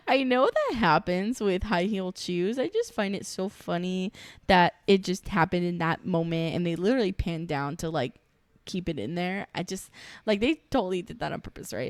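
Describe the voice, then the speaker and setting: A woman's voice: mid-range voice, animated, normal speed, dry recording. Young female reaction vlogger, chatty and snarky, recorded dry. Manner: chatty, sarcastic, swears freely, laughs often. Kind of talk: casual recap chat.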